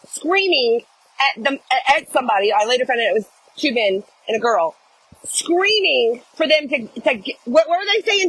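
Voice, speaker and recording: A middle-aged woman tells her viewers a story in a casual, animated chat. Her voice sits high, and she keeps saying "y'all". A faint background hum runs under her voice. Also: poor audio. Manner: animated, addresses viewers as "y'all", acts out shouting. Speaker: vlogger telling a story.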